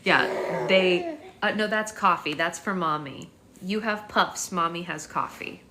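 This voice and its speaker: A woman's voice: on the low side, unhurried, noisy background. A young woman hosting a casual live stream at home, rambling to her viewers and slipping into sing-song baby talk with her daughter. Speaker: live-stream host and mother.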